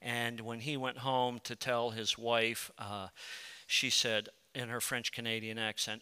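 A male pastor giving a sermon, moving between impassioned pleading prayer and quiet storytelling. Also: mid-range voice, steady tone, measured pace, clear, resonant tone, long reverb tail.

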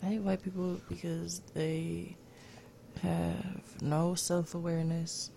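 A woman's voice: lowish voice, level tone, slow pace, creaky, warm tone, a little hiss or hum. A young woman, speaking bluntly in a casual podcast chat. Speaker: podcast co-host.

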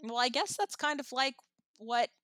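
A woman co-hosting a podcast, recapping an episode in relaxed storytelling with small laughs. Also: high voice, moderate pace, no echo. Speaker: podcast co-host.

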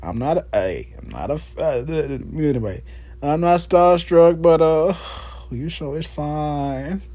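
A man hosting his own podcast, telling a rambling, profane story with lots of laughs and slow, drawn-out phrases. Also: on the high side, expressive, warm tone, no echo. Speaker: podcast host. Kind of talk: casual solo podcast monologue.

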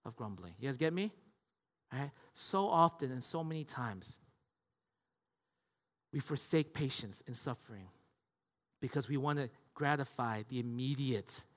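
A man preaching a sermon, talking emphatically, swinging from loud to hushed and asking many rhetorical questions. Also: mid-range voice. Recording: long hall reverb.

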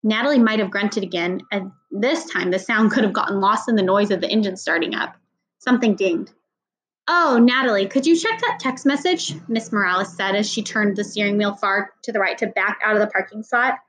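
A woman reading a children's novel aloud in steady storytelling narration. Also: mid-range voice, brisk, slightly rough, rough recording. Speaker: audiobook reader.

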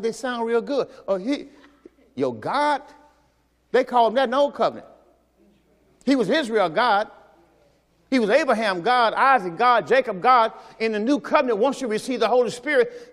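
A high-voiced man preaching in a sermon. He keeps asking his listeners rhetorical questions and draws scripture quotes out slowly for emphasis. His voice rings with the long reverb of a church hall. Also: animated. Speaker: pastor. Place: church service.

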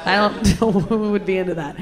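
A woman's voice: mid-range voice, fairly quick, crowd noise. Candid, crude-humored woman telling a story. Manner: candid, crude and self-mocking, frequent laughs. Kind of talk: comedic personal storytelling.

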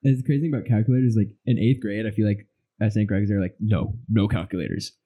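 A man's voice: fairly low pitch, fairly even intonation, rapid-fire, warm tone. A young man co-hosting a podcast in casual chat, rambling through stories and acting out his own reactions. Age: young adult. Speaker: podcast co-host.

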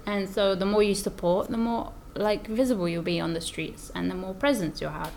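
A woman's voice: medium pitch, fairly quick, vocal fry, a little mellow. A chatty woman co-hosts a casual podcast, her talk full of "like" and loose asides. A faint hiss of noise sits under the voice. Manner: chatty, many "like" fillers. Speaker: podcast co-host. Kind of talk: casual chat.

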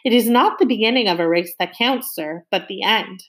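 A woman voicing a calm, dignified male butler who speaks formally and politely in a storybook reading. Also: mid-range voice, fairly quick, close to an everyday voice. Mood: composed.

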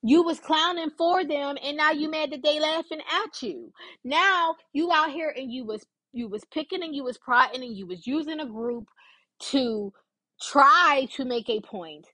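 A woman with a fairly high voice talks through her opinions in a casual commentary. She speaks informally and emphatically, hammering her points home by repeating them. The recording is dry and close, with no room echo. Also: moderate pace, pushed and bright.

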